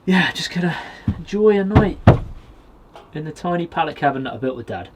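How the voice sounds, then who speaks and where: Relaxed British man chatting to camera. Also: fairly high pitch, brisk, heavy background noise. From Britain. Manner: relaxed and chatty, addresses viewers directly. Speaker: outdoors vlogger. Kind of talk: casual vlog to camera. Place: small wood cabin with a stove, in woods.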